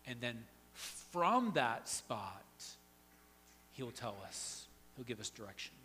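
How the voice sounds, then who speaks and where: A man preaching a sermon as pastor, conversational, swinging from hushed to loud and emphatic. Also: mid-range voice, very animated, takes it slowly. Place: church sanctuary. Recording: long hall reverb, faint hum.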